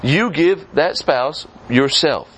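A man preaching a sermon as pastor of a church, swinging from quick high rises down to low, slow stretches. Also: expressive, fairly bright tone, slight background noise, poor audio. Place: church sanctuary.

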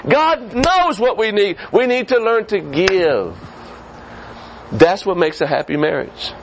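A man preaching a sermon as pastor of a church, swinging from quick high rises down to low, slow stretches. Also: lively intonation, gravelly, highs cut off, slight background noise. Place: church sanctuary.

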